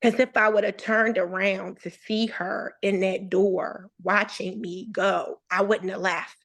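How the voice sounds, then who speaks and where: Speaking at a measured pace in a mid-range voice, a thirty-something woman guests on a podcast and shares a personal story casually. She narrates with energy, acting out the voices of the characters involved.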